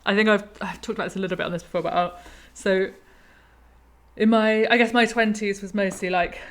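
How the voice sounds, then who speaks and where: A woman in her thirties hosting a conversation, thoughtful and quick to laugh. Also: medium pitch, steady tone, fairly bright tone. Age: 30s. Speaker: podcast host. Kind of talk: reflective conversation.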